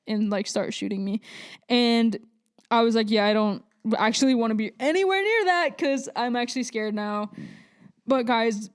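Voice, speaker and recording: A young woman hosting a podcast, telling a story in a blunt, profane, rambling way with lots of fillers, swinging between quick rants and slow drawn-out asides. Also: on the high side. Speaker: podcast host. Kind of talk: casual monologue.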